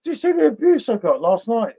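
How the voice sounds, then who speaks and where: A man with a notably high voice runs a live stream in casual banter. He talks in a matey, blokey way and swears freely, calling everyone mate. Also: big pitch swings, quick pace, mellow, breathy edge, no echo. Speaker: livestream host.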